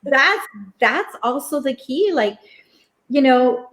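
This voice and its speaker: A woman's voice: sits high, animated, slow, fairly bright tone. A woman in her fifties hosting a casual chat, upbeat and motivational, often acting out her own self-talk. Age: 50s. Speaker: host.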